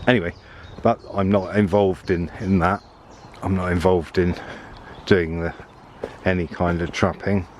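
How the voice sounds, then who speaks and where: A man's voice: low voice, fairly even intonation, unhurried, a little hiss or hum. Rambling man on a woods walk. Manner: rambling, chatty, thinking aloud. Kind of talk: casual walking vlog. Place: outdoors in summer woodland. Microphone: handheld camera while walking. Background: birdsong and faint outdoor ambience.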